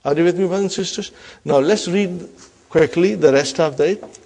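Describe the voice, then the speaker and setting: A man teaching an Arabic grammar class, slowly reading example sentences, repeating key terms and often checking that the class follows. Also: high voice, darkish tone. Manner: checks understanding with frequent questions.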